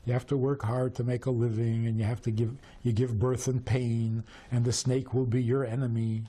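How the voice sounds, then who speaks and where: A man voicing a calm, gentle God. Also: medium pitch, normal speed, close to an everyday voice. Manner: calm, not angry.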